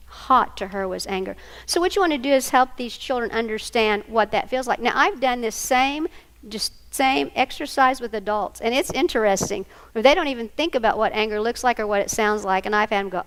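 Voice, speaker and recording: A woman's voice: on the high side, moderate pace, clear, resonant tone. An older woman, a grandmother, presenting a live training workshop and quizzing her audience. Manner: animated, asks the audience questions.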